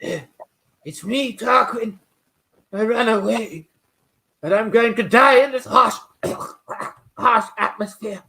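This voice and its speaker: A man's voice: high voice, takes it slowly, gravelly, long pauses, pushed and bright, exaggerated voice. A man voicing a hyper-intelligent two-year-old boy who whines melodramatically in an improvised comedy scene. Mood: melodramatic. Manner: whiny, melodramatic.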